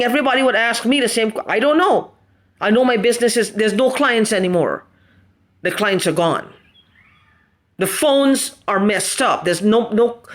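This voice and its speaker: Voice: medium pitch, fairly bright tone. A vlogger in an agitated personal rant. The talk is angry and rambling, full of repeated questions and swearing.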